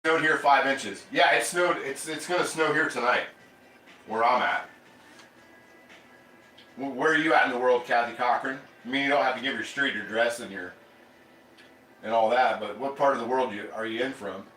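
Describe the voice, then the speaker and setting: A man's voice: medium pitch, normal speed, pauses often, sharp tone, echoey room, slight background noise, rough recording. A man hosting a casual cooking livestream from his home kitchen, chatting loosely and reading viewer comments aloud. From Ohio. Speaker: cooking channel host.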